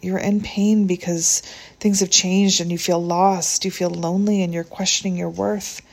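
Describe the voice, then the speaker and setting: A woman reading a short story aloud in a gentle, measured way. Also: fairly low pitch, little pitch movement, creaky. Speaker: audiobook narrator.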